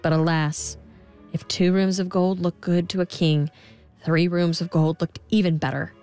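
A woman telling a fairy tale in scripted narration, expressive, giving the girl a higher voice. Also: moderate pace, faint music behind. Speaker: storyteller.

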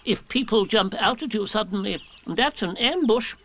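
A man's voice: high-pitched, animated, normal speed, a bit bright, pitched above the performer's own voice. A man voicing a pompous, know-it-all male owl who lectures in a superior way.

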